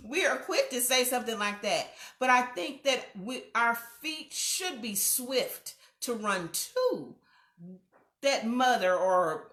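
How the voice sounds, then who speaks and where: A middle-aged woman hosting a mentoring livestream from home, telling stories and acting out quoted voices with laughs. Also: fairly high pitch. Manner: animated storyteller, acts out quoted voices with laughs. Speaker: host of a youth mentoring livestream. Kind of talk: casual livestream talk. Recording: echoey home room.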